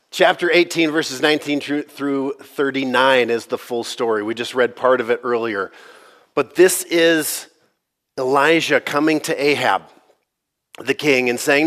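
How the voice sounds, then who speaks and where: A man, a pastor, giving a sermon in a casual, joking, conversational way, his voice slightly gravelly from allergies. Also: medium pitch, unhurried, a bit bright.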